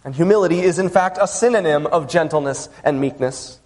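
High-pitched guy preaching, earnest, slow pauses, big echoey hall sound. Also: a little mellow. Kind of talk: sermon. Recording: long hall reverb.

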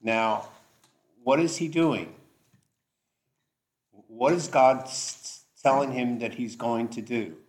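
A man teaching a Bible study, explaining scripture deliberately and checking in with the class. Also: mid-range voice. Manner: slow, deliberate, checks in with "okay?".

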